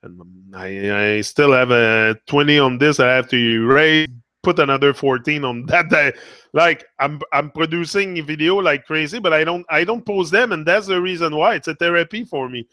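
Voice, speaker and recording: French-accented man, bright and dry, rambling earnest motivational vlog talk. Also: on the high side, moderate pace, no echo. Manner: rambling, self-correcting, earnest. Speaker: motivational vlogger. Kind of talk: casual live motivational talk.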